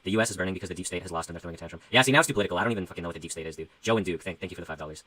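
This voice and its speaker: Low-pitched and racing, this young man's voice has a sharp tone and comes through a poor-quality recording. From Canada, he rambles on his livestream with casual profanity, reading out donations and thinking aloud about his music.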